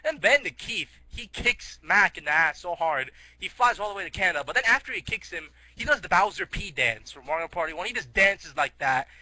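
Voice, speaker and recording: A man's voice: high-pitched, expressive, a little fast, few pauses, bright, forceful tone, no room sound, low-quality recording. Giggly teenage boy rambling a silly story. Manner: giggly, rambling, restarts often.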